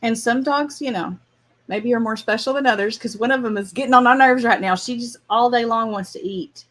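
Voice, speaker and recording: A woman's voice: fairly high pitch, brisk. A woman hosting a casual livestream drawing lesson, chatting while she draws and laughing often. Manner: chatty and warm-hearted, laughs often, chats to her dog while drawing. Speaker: art class host.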